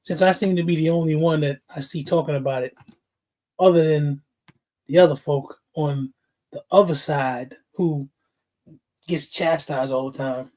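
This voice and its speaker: A man's voice: on the high side, fairly even intonation, measured pace, long pauses, a little mellow. A man hosting a casual livestream, greeting chatters by name, laughing often and getting fired up. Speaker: livestream host.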